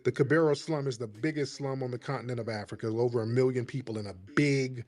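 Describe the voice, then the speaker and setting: A man's voice: mid-range voice, fairly even intonation, quick pace, a little mellow. A man runs a live call-in debate, cutting in on his caller and mocking him. His voice sits in an ordinary middle range. He sounds combative and keeps talking over the other side. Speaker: host.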